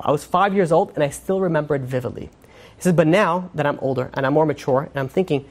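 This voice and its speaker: A male rabbi giving a casual sermon, telling a story in a rapid, rambling way, full of fillers and restarts. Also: on the high side.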